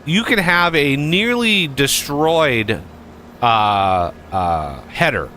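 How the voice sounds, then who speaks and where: A man's voice: fairly high pitch, sing-song, extremely slow, pushed and bright, slight background noise. A man giving casual gameplay commentary as a streamer, rambling with many fillers and restarts.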